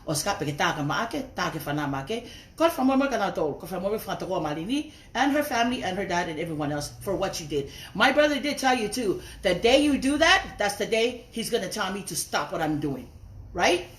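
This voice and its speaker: A woman's voice: medium pitch, very animated, fairly quick. Woman, angry livestream rant, profane, confrontational, code-switching into Tongan, phone mic, roomy echo. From raised outside Tonga. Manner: mixes English with Tongan phrases. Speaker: social media livestreamer.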